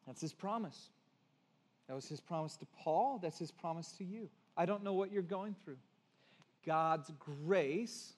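A man preaching a sermon as pastor, earnest, moving between hushed and emphatic passages. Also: high-pitched, a little slow, big-room sound.

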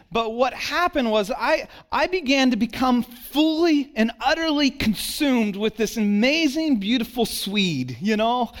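A middle-aged man delivers a sermon in a fairly high voice. He tells his story with lively energy, then drops to hushed, earnest moments as he presses his point to the congregation. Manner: animated storytelling, swings between excited and hushed. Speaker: pastor.

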